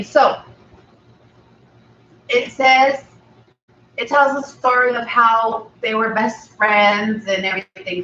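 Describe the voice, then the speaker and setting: Chatty woman with a bright, slow voice. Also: fairly high pitch, slight background noise. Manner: chatty, rambling storyteller with fillers. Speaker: mukbang channel host. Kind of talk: casual chat retelling a film plot. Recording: echoey room, slightly dull, from a distance.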